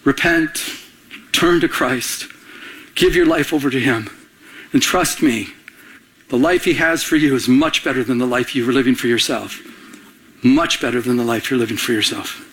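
A man's voice: medium pitch, normal speed, long pauses, fairly bright tone. A middle-aged male pastor preaching a conversational sermon, firing off rhetorical questions and calling on the congregation to answer.

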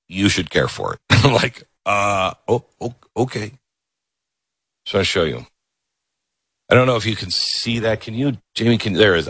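A man's voice: a bit bright, no echo. A male talk show host ranting sarcastically and mocking his opponents in put-on voices, then reading an ad. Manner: sarcastic, ranting, mock voices, jumps high when mocking. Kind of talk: opinionated talk show monologue with host-read ad.

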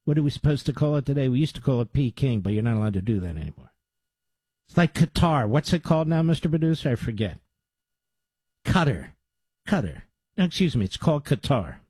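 Husky combative talk radio host. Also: male voice, medium pitch, animated, quick pace, warm tone, dry recording. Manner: combative, sarcastic, mocking asides to producer. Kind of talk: political talk radio commentary. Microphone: studio microphone.

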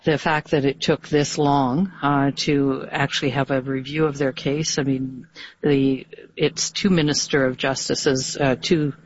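A woman, a senator answering interview questions in a measured, halting way with many fillers. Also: extremely low pitch, flat delivery, highs cut off. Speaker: senator, guest.

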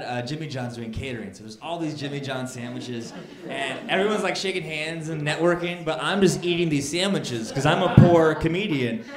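A man doing a stand-up comedy set on a club stage, telling an animated story, acting out people and sometimes shouting. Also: on the high side. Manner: animated storytelling, acts out characters, builds to shouting. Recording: roomy live club sound with crowd laughter.

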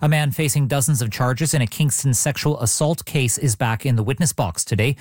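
Measured radio newsreader, dry studio sound. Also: male voice, mid-range voice, no room sound. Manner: even, measured newscast delivery. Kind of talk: scripted news and weather read.

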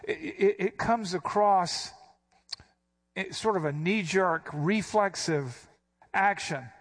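Speaking slowly in a high-pitched voice, a male pastor delivers a teacherly expository sermon. He stresses key words forcefully, and quoted words jump up in sudden rises.

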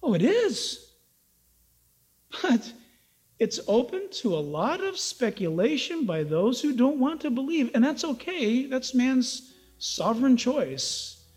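A man's voice: high voice, darkish tone, slightly rough. A man preaching a radio sermon as pastor, emphatic and exhorting, firing rhetorical questions at listeners. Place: Southern California church.

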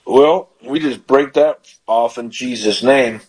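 A man's voice: medium pitch, slow pace, a little mellow, slightly rough, poor audio. A man hosting a call-in radio show as a pastor, praying fervently with callers and bursting into praise.

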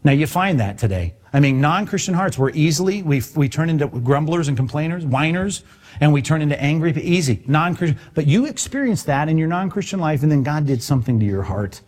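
Man, pastor, sermon, lively swooping delivery, slightly high voice. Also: fairly quick. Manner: animated, acts out quoted voices.

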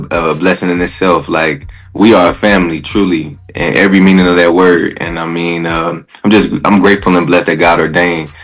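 A man being interviewed as an actor guest, speaking in a very low voice. He answers warmly and earnestly, often restarting his sentences.

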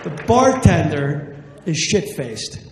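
A man's voice: a little high, very animated, takes it slowly, a faint crowd, a little hiss or hum. A man from New Jersey doing a brash, profane stand-up routine. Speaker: stand-up comedian. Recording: live club, echoey hall.

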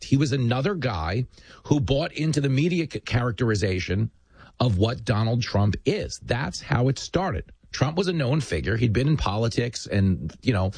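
A man's voice: medium pitch, darkish tone, husky, no room sound. A man hosting a talk show, delivering an emphatic, sardonic political monologue into a studio microphone.

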